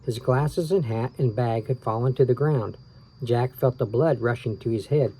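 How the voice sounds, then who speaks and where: A man reading a children's book aloud, relaxed and tired, stopping for small asides and rereading his slips. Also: medium pitch, normal speed, slightly rough, rough recording. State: tired, yawning. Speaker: reader of children's books.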